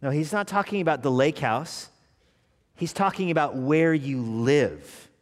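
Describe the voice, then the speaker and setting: Animated preacher in a reverberant church. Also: male voice, fairly high pitch, measured pace. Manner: animated preaching, dropping to quiet asides. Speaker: pastor. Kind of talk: sermon. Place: church sanctuary. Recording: long reverb of a church hall.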